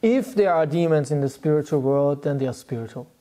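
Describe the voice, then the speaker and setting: A man giving a relaxed devotional talk to a group, chuckling often as he tells stories. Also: a little high, brisk. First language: German. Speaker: spiritual teacher.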